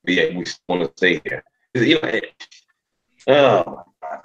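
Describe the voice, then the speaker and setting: A man's voice: deep voice, expressive, normal speed, a bit bright, highs cut off. A man hosting a casual sports podcast, talking emotionally with lots of fillers and swearing. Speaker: podcast host.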